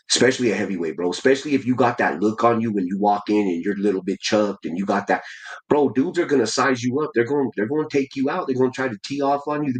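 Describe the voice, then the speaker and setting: Husky-voiced man in his forties. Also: mid-range voice, low-quality recording. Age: 40s. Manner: slangy, keeps saying "bro", many restarts. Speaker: amateur heavyweight boxer, guest. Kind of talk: casual interview storytelling.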